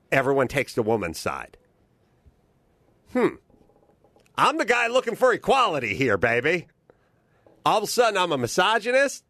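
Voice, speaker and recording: Male podcast host, profane comic storyteller, very expressive pitch, dry sound. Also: no echo. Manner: profane, animated storytelling, swaps into voices for quotes. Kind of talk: casual comedic rant.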